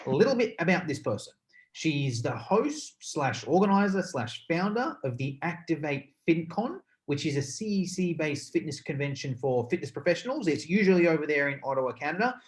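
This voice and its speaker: A young adult man hosting a podcast interview in an excitable, rambling way with lots of fillers. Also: on the high side, brisk. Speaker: podcast host. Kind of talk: casual interview chat.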